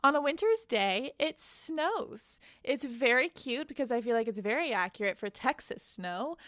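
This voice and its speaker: A woman's voice: fairly high pitch, lively intonation, normal speed, fairly bright tone, no echo, studio quality. A woman hosting a podcast, retelling a novel's plot in a casual, chatty way with personal asides. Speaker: podcast host. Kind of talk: casual book recap.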